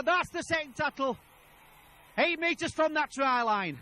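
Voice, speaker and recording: Guy doing old rugby league commentary, really high bright voice, goes up to full-on yelling on tries, bit lo-fi. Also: lively intonation. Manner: rapid play-by-play, shouting at tries, repeats player names. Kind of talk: excited match commentary.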